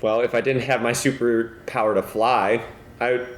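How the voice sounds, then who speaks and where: A man's voice: mid-range voice, steady tone, normal speed. A man in a casual chat with a castmate, talking in a rambling way and laughing easily. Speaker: cast member interviewing a castmate. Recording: roomy echo.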